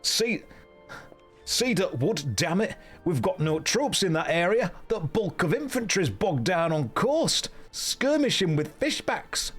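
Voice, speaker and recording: A brusque, commanding naval officer from a video game barks out orders in a raised, slightly higher voice, as a man puts him on. His accent wanders from one dialect to another as he goes. Faint game music plays underneath. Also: normal speed, natural voice. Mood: irritated, urgent. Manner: accent drifts between dialects.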